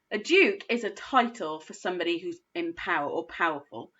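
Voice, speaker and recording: A woman teaching a phonics lesson to young children, sounding out words slowly and praising often. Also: lowish voice, animated, a bit bright, dull audio. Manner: slow, sing-song sounding out of words, encouraging. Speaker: primary school phonics teacher.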